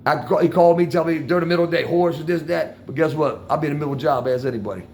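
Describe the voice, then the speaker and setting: Older DC man, gravelly, loose and profane, talks to the camera outdoors, "man" and "y'all" in every line. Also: fairly high pitch, very fast, darkish tone, a little hiss or hum. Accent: Washington DC. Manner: rambling, profane street talk with constant "man" and "y'all". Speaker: vlogger talking to viewers. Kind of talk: casual storytelling monologue. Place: outdoors on a street corner.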